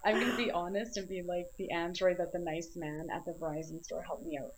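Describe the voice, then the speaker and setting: A woman co-hosting a podcast in casual chat, relaxed and offhand, laughing easily. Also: on the low side, fairly quick, a little hiss or hum. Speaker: podcast co-host.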